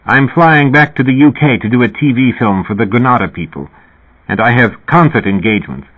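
A man's voice: mid-range voice, fairly quick, husky, pitched above the performer's own voice, lightly acted. A man voicing a genial, amused male musician with a slight British accent and a twinkling, lilting manner. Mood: chatty. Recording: tinny phone-like audio.

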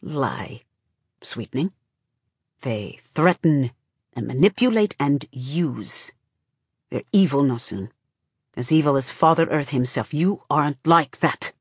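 Audiobook: woman reading a bitter, haunted father, deep and husky, tight with anger. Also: animated, takes it slowly, long pauses, dry recording, studio quality, full character voice. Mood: contemptuous.

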